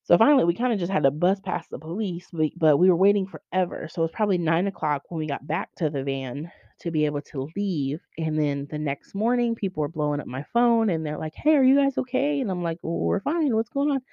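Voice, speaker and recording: A woman hosting a faith podcast, telling stories in an animated way and acting out other people's voices. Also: low voice, brisk, hardly any pauses, dry recording. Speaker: podcast host. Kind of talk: faith podcast chat, storytelling. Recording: dull lo-fi sound.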